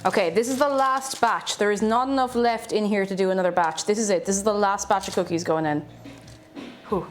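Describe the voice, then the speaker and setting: A woman's voice: medium pitch, fairly quick, faint music behind. An Irish woman chatting casually on a cooking livestream in her home kitchen, reading out chat messages in a chatty, playful way. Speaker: streamer.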